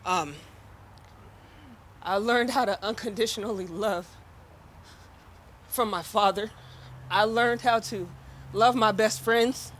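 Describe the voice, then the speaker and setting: A woman's voice: medium pitch, takes it slowly, pauses often, fairly bright tone, slight background noise. A woman speaking at her father's memorial, casual and heartfelt, chatting with the gathered crowd. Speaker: eulogy speaker, daughter of the deceased. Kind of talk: emotional memorial speech.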